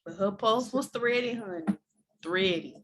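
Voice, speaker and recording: A woman co-hosting a casual TV recap podcast, jokey and expressive, swinging between loud and soft. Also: medium pitch, unhurried. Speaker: podcast co-host.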